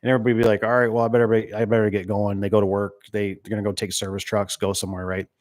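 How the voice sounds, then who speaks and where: A man talks about running his small business in a loose, rambling way, dropping in fillers and acting out old conversations in quotes. His voice sits a little low. It is recorded close and dry, with no room sound. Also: level tone, very fast, a little mellow, dry recording. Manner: rambling, conversational, lots of fillers and "right?" tags; retells conversations in quoted dialogue. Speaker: door and gate business owner. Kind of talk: casual chat.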